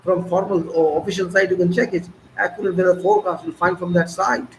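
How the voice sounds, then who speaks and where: Emphatic Indian man ranting, high-pitched. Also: flat delivery, brisk, a little hiss or hum, rough recording. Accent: Indian English. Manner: emphatic, repetitive, scolding. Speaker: political commentator. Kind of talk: ranting monologue.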